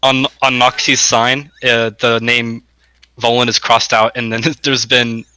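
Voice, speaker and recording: A man's voice: mid-range voice, monotone, unhurried, bright, forceful tone, clean tone, no room sound, rough recording. A man playing a tabletop game, speaking in a plain, matter-of-fact way. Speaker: player. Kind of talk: tabletop role-play.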